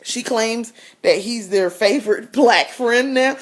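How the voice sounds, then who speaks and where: A woman's voice: on the high side, slow. A woman vlogger telling a story in a casual, blunt rant, swearing freely and laughing often.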